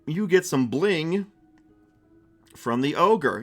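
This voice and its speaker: A man's voice: fairly high pitch, animated, measured pace, a bit bright, soft background music. A man narrating a tabletop game on his stream, casual and chatty, with lots of restarts.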